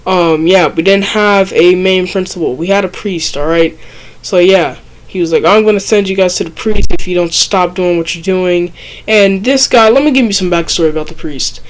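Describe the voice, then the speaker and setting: A person telling a childhood story in a casual, rambling storytime vlog, swearing often and making self-mocking asides. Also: medium pitch. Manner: rambling and profane, heavy use of fillers. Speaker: storytime vlogger.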